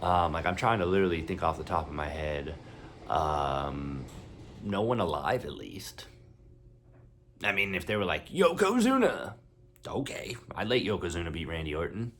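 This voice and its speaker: Deep-voiced rambling wrestling vlogger man. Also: moderate pace. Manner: rambling, excitable, laughs easily. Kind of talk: casual chat.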